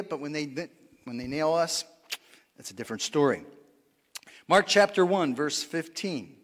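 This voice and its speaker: A man's voice: on the high side, a bit bright, big-room sound. A pastor preaching a sermon in a conversational way, often asking the congregation for responses and laughing at his own lines. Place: church sanctuary.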